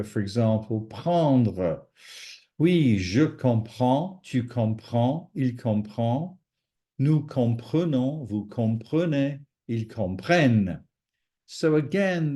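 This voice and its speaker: A man teaching French in an unhurried, mellow voice. He drills each verb form patiently and repeats it, speaking slowly enough for learners to follow. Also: mid-range voice. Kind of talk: recorded language lesson.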